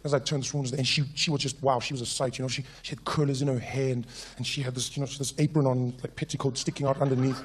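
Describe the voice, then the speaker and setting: A man with a South African accent doing a stand-up comedy routine on stage, telling animated stories and putting on the voices of people he has met. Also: mid-range voice, rapid-fire, few pauses, husky. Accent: South African English. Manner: animated storytelling, puts on voices of people he meets. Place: comedy stage with a live audience.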